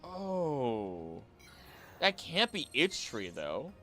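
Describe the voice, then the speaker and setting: A man chatting casually on a live gaming stream, jokey and animated, talking to the creatures on screen. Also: medium pitch, very slow, soft background music. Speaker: streamer and voice actor.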